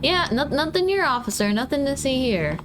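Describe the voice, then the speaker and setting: A woman voicing a boastful, swaggering trucker in a slow, drawn-out put-on drawl. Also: high voice, lively intonation, noisy background.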